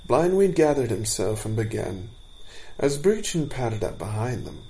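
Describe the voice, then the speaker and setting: A man narrating a storybook in an expressive, measured way. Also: medium pitch, gravelly, a little hiss or hum, rough recording.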